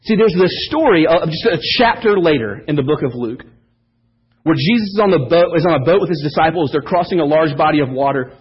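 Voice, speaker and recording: A man preaching a sermon as pastor, telling stories in an animated, joking way. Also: a little high, a little fast, slightly rough. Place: church service. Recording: dull lo-fi sermon audio.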